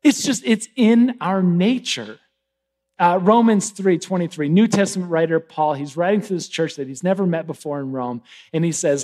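A pastor giving a casual, conversational sermon, animated and swinging between loud emphasis and hushed asides. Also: male voice, high-pitched, moderate pace.

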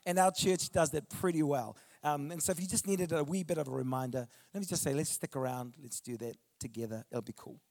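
A pastor delivers a sermon from the pulpit. His voice sits somewhat high for a man. He mixes relaxed, anecdotal chat with strong, declarative preaching. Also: brisk, gravelly, few pauses. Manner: conversational storytelling, rising to emphatic preaching.

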